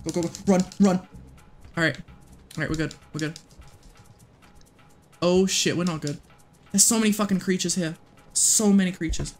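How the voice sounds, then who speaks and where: A livestreamer in casual gameplay commentary, excitable and swearing often while talking to the game and chat. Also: medium pitch, normal speed, pauses often, faint music behind. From United States.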